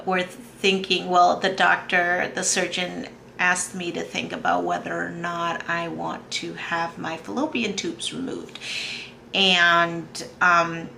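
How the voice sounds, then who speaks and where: A woman in her thirties talking in a personal video diary, soft and halting, with many pauses and fillers, close to tears. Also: fairly low pitch, creaky, slight background noise. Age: 30s. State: emotional, on the verge of tears. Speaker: vlogger.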